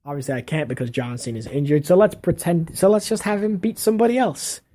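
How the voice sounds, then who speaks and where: With a fairly high yet dark-toned voice, a man recounts an imagined wrestling match step by step. He's an unhurried, casual fan, stopping now and then to correct what he just said.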